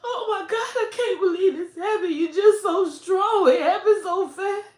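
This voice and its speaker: A woman voicing a shaken female friend who is crying and awestruck, in a much higher and tearful voice. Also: moderate pace, roomy sound. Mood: tearful awe. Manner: high-pitched and crying.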